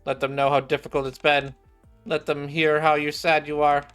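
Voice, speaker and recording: A man's voice: on the high side, little pitch movement, normal speed, a bit bright, clean tone, soft background music, pitched above the performer's own voice, close to an everyday voice. A man reading an earnest, coaxing girl. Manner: coaxing, encouraging. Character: gentle, earnest young girl comforting a cat.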